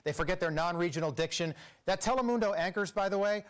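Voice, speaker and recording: Sarcastic tv pundit guy, slightly high voice. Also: fast talker. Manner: sardonic, mocking. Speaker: TV news commentator. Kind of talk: opinion monologue. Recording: clip played from TV.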